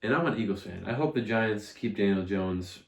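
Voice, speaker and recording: A young man co-hosting a casual sports podcast, opinionated and animated, who swears freely. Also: fairly low pitch, moderate pace. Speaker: podcast co-host. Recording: roomy echo.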